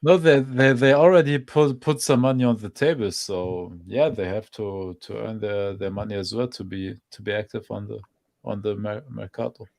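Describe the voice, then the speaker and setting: A man's voice: lowish voice, steady tone, normal speed, gravelly. A man co-hosting a casual football watch-along, talking with many restarts and repeated words. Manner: hesitant, repeats words, trailing off softly. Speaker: co-host of a football show.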